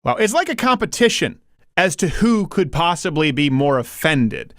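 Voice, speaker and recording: A man's voice: on the high side, big pitch swings, normal speed, fairly bright tone, slight background noise. A man giving sarcastic voice-over narration in a dry, mocking tone.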